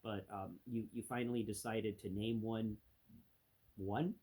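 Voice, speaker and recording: A man's voice: on the low side, steady tone, unhurried, darkish tone. A man vlogging a casual, exasperated review, ranting with lots of restarts. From United States.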